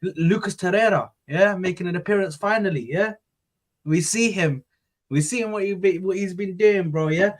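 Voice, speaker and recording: Excitable man hosting a football stream. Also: high voice, moderate pace, low-quality recording. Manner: excitable, banters with fillers like "bro" and "listen". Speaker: host. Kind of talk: casual football chat stream.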